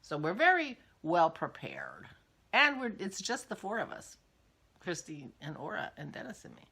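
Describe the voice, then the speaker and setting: A woman's voice: fairly low pitch, wildly swooping pitch, normal speed, bright, forceful tone, slightly rough. An older woman hosting a casual vlog, chatting in a rambling way as she thinks aloud. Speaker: podcast host.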